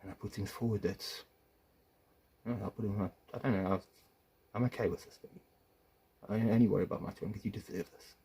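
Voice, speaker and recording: A man's voice: fairly low pitch, fairly even intonation, quick pace, pauses often, warm tone, slightly rough. A man, an estranged father, delivering an angry, profane video rant with accusations, swinging between muttered asides and raised confrontation.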